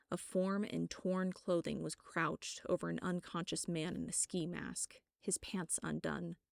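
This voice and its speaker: A woman reads first-person fiction aloud in a measured, even manner. Her voice is low and gravelly. The recording is close and dry. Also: no room sound. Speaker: audiobook narrator.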